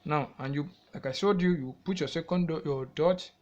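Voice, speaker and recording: A man's voice: on the high side, moderate pace, darkish tone, muffled recording. Man teaching music with a Nigerian accent. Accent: Nigerian English. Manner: repetitive, asks the viewer questions and answers them himself. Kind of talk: classroom-style music theory lesson.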